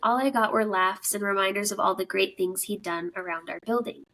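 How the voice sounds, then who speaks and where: A woman's voice: mid-range voice, brisk, hardly any pauses, a bit bright, rough recording. A woman podcast host reading a listener's scary story aloud in a casual, giggly way.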